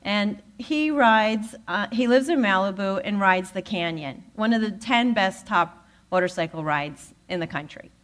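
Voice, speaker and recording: A woman speaks to a congregation, telling a personal story. She brings her tale to life by voicing the people in it, with a middling pitch. Her delivery is warm and conversational. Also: a little slow. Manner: animated storyteller who acts out quoted voices. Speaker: guest speaker at a spiritual center. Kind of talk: storytelling talk.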